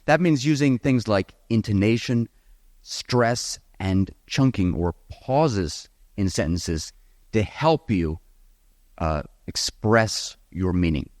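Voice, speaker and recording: A man teaching a live seminar on the speaking exam, lively and encouraging, talking straight to his audience. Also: lowish voice, takes it slowly, no room sound, studio quality. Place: event hall with audience.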